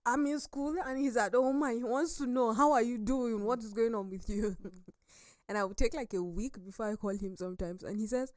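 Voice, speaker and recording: A woman's voice: a little high, moderate pace, hardly any pauses, a little mellow, no room sound. A young adult woman sharing personal experiences on a studio talk show. She talks in a reflective, storytelling way. The sound is dry and close. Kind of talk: casual studio chat.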